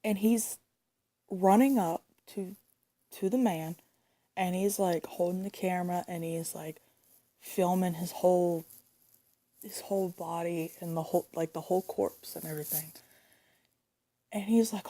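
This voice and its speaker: Young woman vlogger, mellow and lowish voice, angry phone rant, lots of swearing. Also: fairly even intonation, a little slow. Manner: indignant, swears a lot, repeats herself.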